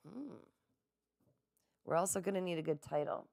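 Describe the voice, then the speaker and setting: Excitable woman hosting a live chat. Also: on the low side, moderate pace, vocal fry, no room sound, studio quality. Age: middle-aged. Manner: excitable, laughs often, talks straight to viewers. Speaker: livestream host. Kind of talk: casual live chat reading comments.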